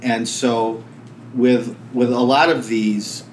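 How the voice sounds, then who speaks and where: A man on a podcast panel, talking through ideas in a measured, analytical way. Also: mid-range voice, steady tone, a little hiss or hum. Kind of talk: casual podcast discussion.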